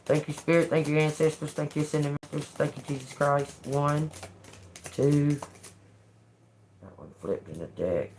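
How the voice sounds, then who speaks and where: An older woman giving a live-stream tarot reading in a slow, profane, confrontational manner. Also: low-pitched, darkish tone, a little hiss or hum. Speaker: tarot reader.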